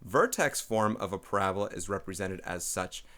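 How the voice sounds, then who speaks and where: A man with a fairly low voice talking through a math lesson. He explains methodically, one step at a time, addressing his students directly. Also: expressive, normal speed, sharp tone. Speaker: math teacher.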